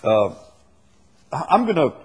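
A man preaching an expository sermon, reading scripture slowly and deliberately, then booming for emphasis and dropping low. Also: big pitch swings, husky. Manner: reads verses slowly and deliberately. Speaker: pastor.

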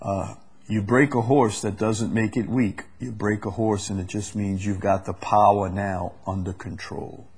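A man leading a conversational Bible study, reading verses slowly and with weight, then explaining them with easy laughs. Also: lowish voice, husky. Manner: animated, stresses quoted verses slowly, laughs often. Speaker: Bible teacher.

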